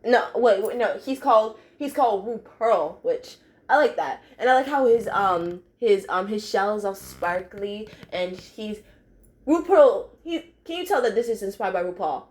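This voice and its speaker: A woman's voice: medium pitch, animated, normal speed, a little mellow. A young woman chatting casually in a review vlog, full of fillers and phrases she repeats. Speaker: cartoon episode reviewer.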